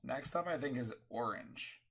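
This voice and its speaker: A man's voice: medium pitch, moderate pace, a bit bright, breathy edge. A young man hosting a casual chat, blunt and matter-of-fact. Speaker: host.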